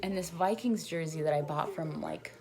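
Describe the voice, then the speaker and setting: A woman's voice: low-pitched, normal speed, crowd noise. A young woman in her twenties telling a long, rambling personal story in a casual vlog, full of "like" fillers. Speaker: vlogger. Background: music.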